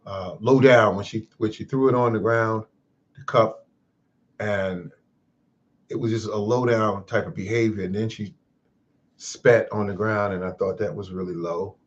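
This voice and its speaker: Low-voiced man telling a rambling story. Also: fairly even intonation, unhurried, dull audio. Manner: rambling, reflective, moralizing. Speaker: host of a live-stream gardening show. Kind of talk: casual live-stream storytelling.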